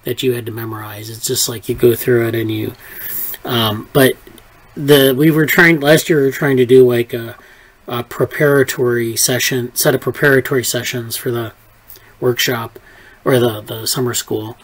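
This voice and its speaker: Man, research group lead, loose rambling delivery, mid pitch, video call audio. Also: steady tone, normal speed, low-quality recording. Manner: rambling, many fillers and restarts. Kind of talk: casual meeting chat. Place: online video meeting.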